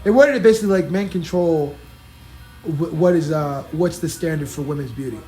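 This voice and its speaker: A man hosting casual, animated barbershop banter, laughing and mimicking the others as he talks. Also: a little high, brisk. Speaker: podcast host.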